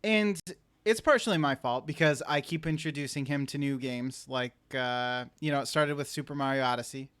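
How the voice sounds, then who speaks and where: A man's voice: medium pitch, normal speed, fairly bright tone, smooth, no room sound. A young man co-hosting a podcast, chatting casually and making wry jokes. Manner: joking, wry asides. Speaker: podcast co-host. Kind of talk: casual chat.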